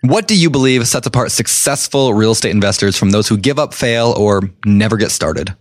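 A man's voice: on the low side, a little fast, no room sound, studio quality. A man co-hosting a podcast, chatting casually and upbeat as he puts set questions to a guest. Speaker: podcast co-host.

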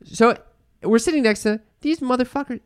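A woman's voice: fairly high pitch, normal speed, clean tone, no room sound, clean studio sound. A woman co-hosting a podcast, telling a story in casual, profane chat. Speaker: podcast co-host.

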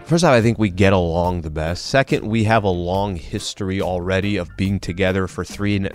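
A man's voice: sits low, a little fast, faint music behind. A man co-hosting a daily talk show, telling stories and giving opinions in an easygoing, casual way. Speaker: radio show co-host. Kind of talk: casual chat.

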